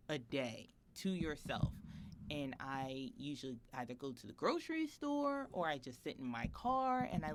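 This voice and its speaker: A woman in her thirties co-hosting a podcast, telling a personal story in a chatty, animated way with frequent laughter. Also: on the low side. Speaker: podcast co-host. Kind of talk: casual podcast chat.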